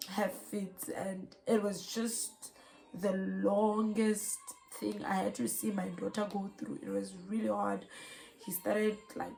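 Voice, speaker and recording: A woman's voice: a little high, vocal fry, mellow, rough recording. A South African mother giving an earnest, emotional personal testimony, with many fillers. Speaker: mother sharing her story.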